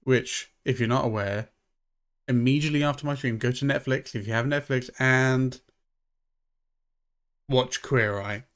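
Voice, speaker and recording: Male streamer, chatty rambler, mid-pitched, lots of ums and restarts. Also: unhurried, long pauses, fairly bright tone, smooth. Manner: rambling storyteller, many fillers and restarts. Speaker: live streamer. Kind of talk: casual live-stream chat.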